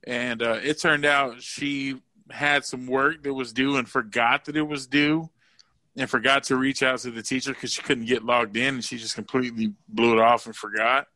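Forties dad co-host, bright and dry, teasing and conversational. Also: male voice, mid-range voice, steady tone, normal speed, no room sound. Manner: joking, does mock voices. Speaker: podcast co-host. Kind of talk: casual chat. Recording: dry close sound.

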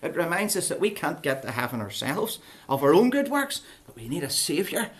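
A preacher tells a story to a group of children. The delivery is lively and playful, with questions put to the young listeners all the way through. The voice sits at an ordinary middle pitch. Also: brisk. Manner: playful, animated, keeps asking the children questions. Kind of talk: children's Bible story talk.

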